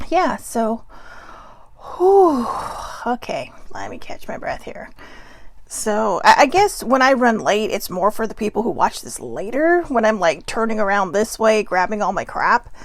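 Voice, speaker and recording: A tired woman with a medium-pitched voice hosts her daily live video show from home, speaking into a personal mic with no room sound. It's a casual morning chat full of rambling, filler words and self-deprecating asides.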